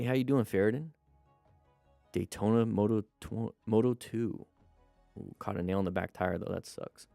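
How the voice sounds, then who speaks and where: A man's voice: mid-range voice, a little mellow, smooth, no echo, studio quality. Chatty man hosting a live stream. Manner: chatty, reads out viewer comments and greets them. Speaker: live stream host and riding instructor. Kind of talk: casual live stream chat.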